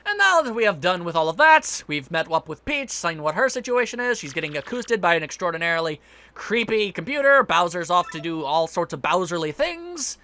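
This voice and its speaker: A man's voice: high-pitched, big pitch swings, fairly quick, bright, forceful tone. A man giving casual, joking commentary while playing a video game, rambling playfully. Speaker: let's play commentator.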